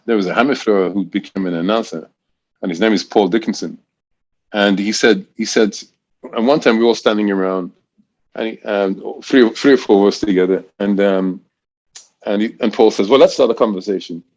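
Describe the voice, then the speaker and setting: Low-voiced older British-born coach. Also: male voice, darkish tone, lo-fi sound. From Great Britain. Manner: rambling, frequent restarts and repetitions. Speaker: guest, college throws coach. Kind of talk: casual storytelling interview.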